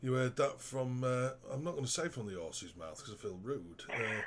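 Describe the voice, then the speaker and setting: A man hosting a podcast interview, relaxed and chummy, backing the guest with "mm" and "yeah". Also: mid-range voice, moderate pace. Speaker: podcast host. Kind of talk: casual interview chat.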